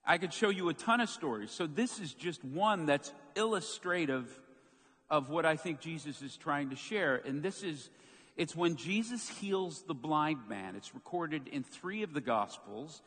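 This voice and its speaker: A man preaching a sermon as pastor, telling a story with lively, acted-out moments. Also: fairly high pitch, unhurried, husky. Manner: animated storytelling, acts out quoted shouts. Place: church sanctuary. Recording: long church hall reverb.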